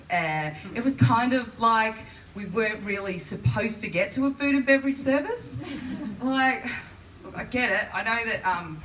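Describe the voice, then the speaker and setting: A woman doing stand-up comedy and emceeing, chatty with deadpan asides, recorded live in a comedy venue. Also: medium pitch, a little hiss or hum. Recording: distant mic in a live room.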